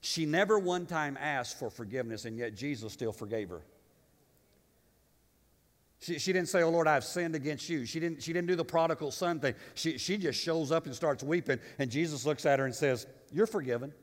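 A male pastor preaching an impassioned sermon, swinging between loud declarations and quiet, confiding asides. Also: on the high side, moderate pace. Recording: long reverb of a church sanctuary.

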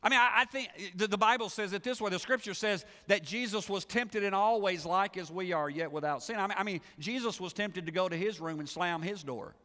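A pastor delivering a conversational sermon, with frequent restarts and rhetorical questions to the congregation. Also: male voice, high-pitched, fairly quick, hardly any pauses, pushed and bright, long reverb tail.

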